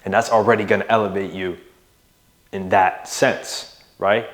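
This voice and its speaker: A young man with a slightly low voice gives motivational coaching straight to his audience. He talks casually and with energy, raising and dropping his voice to hit key words and tossing in "bro" and "right?". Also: little pitch movement, unhurried. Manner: emphatic, varies loudness and pitch for emphasis, casual with "bro" and "right?". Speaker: mindset and fitness coach. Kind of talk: motivational monologue to camera.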